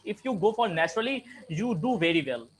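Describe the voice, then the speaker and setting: A man's voice: high-pitched, very animated, brisk, slight background noise. A young man in a casual group discussion, explaining points with spoken examples, repeating phrases and using many fillers. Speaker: participant in an English speaking practice group.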